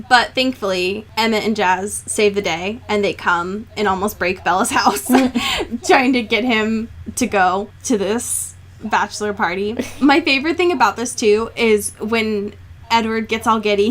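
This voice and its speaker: A woman co-hosting a podcast, recapping a book in casual chat, animated and sarcastic, with frequent swearing and laughter. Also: a little high. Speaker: podcast co-host.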